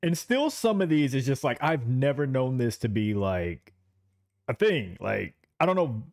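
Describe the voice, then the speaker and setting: Man from south Texas, lively pitch, mid voice, incredulous, casual chat host. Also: measured pace, creaky. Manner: expressive, incredulous reactions with restarts.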